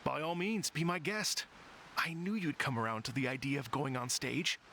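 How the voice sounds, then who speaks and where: A man voicing a calm, earnest musician who organizes a rock festival and announces its acts in a game. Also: medium pitch, moderate pace, background noise, natural voice.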